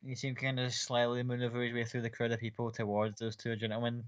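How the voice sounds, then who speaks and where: A man's voice: mid-range voice, monotone, quick pace. Man running a tabletop game, muffled. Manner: casual, rambling, laughs easily. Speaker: game master. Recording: muffled lo-fi recording. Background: faint background music.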